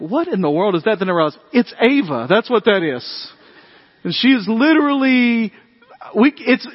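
A man preaching a sermon, telling animated family stories in a conversational way and acting out the voices. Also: high voice, in a large hall, dull audio. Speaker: pastor. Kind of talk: sermon storytelling.

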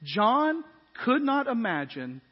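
Very high-pitched, husky and very animated yet slow, a man preaches as a pastor, throwing out emphatic rising phrases and frequent questions to his congregation. It's dull sermon audio with long hall reverb.

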